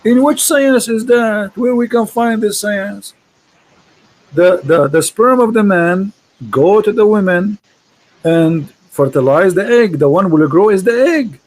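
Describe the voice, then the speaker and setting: Mocking Arabic-accented man, high voice. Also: low-quality recording. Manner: mocking, forceful, fast bursts, repeats words. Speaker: host, debater. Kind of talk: casual debate chat.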